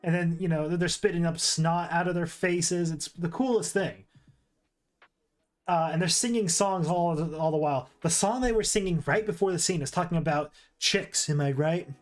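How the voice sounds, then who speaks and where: A man's voice: fairly high pitch, moderate pace. A man streaming casual commentary while ranking movies, rambling with restarts and asides.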